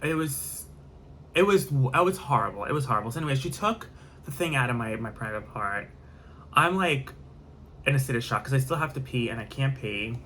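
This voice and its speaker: A man's voice: medium pitch, animated, brisk, pushed and bright, a little hiss or hum. A man telling a candid, rambling story in a casual vlog, sparing no graphic details.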